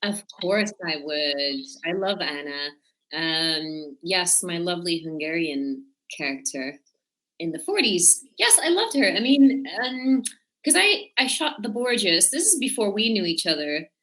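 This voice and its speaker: An actress answering fan questions in casual chat, telling stories with lots of soft fillers. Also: female voice, on the low side, sing-song, a little slow. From Netherlands. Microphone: computer or phone mic on a video stream.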